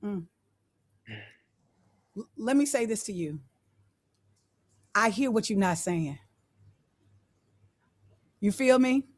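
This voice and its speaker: A woman's voice: medium pitch, expressive, takes it slowly, long pauses. A woman speaking as a guest on a video call, giving students an affirming motivational talk and repeating her phrases.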